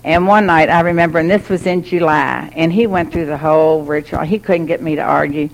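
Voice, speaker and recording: A woman's voice: low voice, a little fast, vocal fry, rough recording. A woman giving a candid personal testimony, often laughing as she talks. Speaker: speaker sharing her recovery story.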